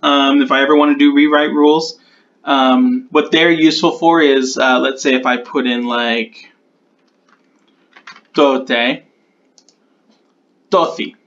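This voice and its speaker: A man talking through his own tutorial, thinking aloud and slowing down as he types out rules. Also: medium pitch, fairly even intonation, fairly bright tone, dull audio. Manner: muses aloud, repeats test words, slows down while typing. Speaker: conlang creator.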